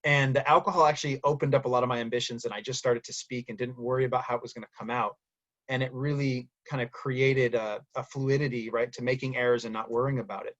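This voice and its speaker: A man's voice: mid-range voice, a bit bright, lo-fi sound. Reflective man. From United States. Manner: thoughtful, frequent "right?" and "you know" tags. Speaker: speaker recounting his language history. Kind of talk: reflective personal monologue.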